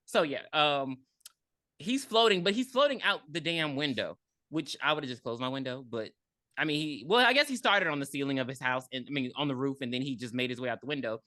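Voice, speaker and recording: Animated woman recapping a movie. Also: extremely low pitch, fairly quick, no room sound, studio quality. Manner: animated, profane storytelling. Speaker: podcast co-host.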